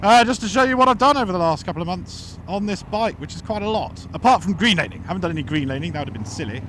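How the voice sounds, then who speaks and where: High-voiced rambling man. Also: animated, fast talker. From England. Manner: rambling, self-mocking and playful. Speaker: motorcycle vlogger. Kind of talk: casual chat to camera. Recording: loud road noise.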